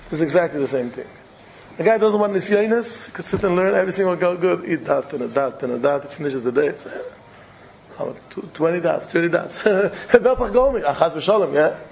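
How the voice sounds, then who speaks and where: A man's voice: fairly high pitch, animated, a little fast, creaky, darkish tone, slight background noise, rough recording. A man delivering an impassioned storytelling sermon, repeating phrases for dramatic weight. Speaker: preacher.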